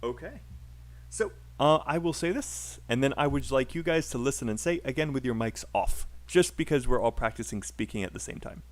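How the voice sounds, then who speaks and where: A man's voice: medium pitch, animated, brisk. A man with a British accent teaching a live online English pronunciation class, upbeat and encouraging with frequent fillers.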